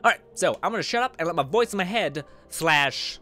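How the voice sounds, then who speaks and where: A man's voice: sits high, animated, fairly quick, hardly any pauses, a bit bright, soft background music. A man from Canada rambling through casual let's-play commentary as the channel host, chatty and loose with swearing.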